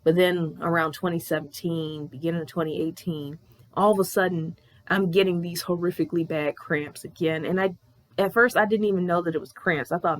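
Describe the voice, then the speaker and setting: A woman in her thirties telling a personal story on her vlog in a candid, animated way, swearing freely. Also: lowish voice, fairly quick. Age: 30s. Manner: candid, profane, animated retelling. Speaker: vlogger.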